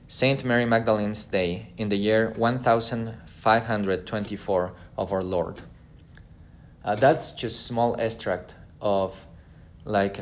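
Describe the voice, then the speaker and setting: A man giving a history lecture: he reads an old letter aloud, then retells the story casually with acted-out quotes. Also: medium pitch.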